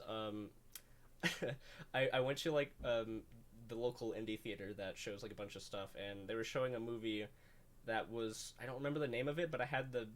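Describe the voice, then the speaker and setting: A young man hosting a casual chat, rambling with lots of fillers and the odd curse. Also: mid-range voice. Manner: rambling, full of "like" fillers and swearing. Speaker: host.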